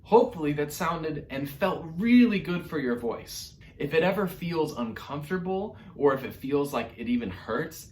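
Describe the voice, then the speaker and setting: A man's voice: fairly high pitch, echoey room. A man teaching an online music lesson to children in a playful, encouraging way.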